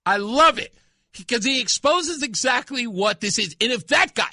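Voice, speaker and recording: A male talk radio host riffing excitedly and laughing often between points. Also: extremely high pitch, moderate pace, dry recording, studio quality. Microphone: studio microphone.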